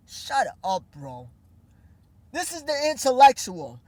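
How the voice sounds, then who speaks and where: A man's voice: very high voice, sing-song, a little slow. A young man ranting in a sarcastic, scornful vlog commentary full of casual slang. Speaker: vlogger. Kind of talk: mocking commentary rant.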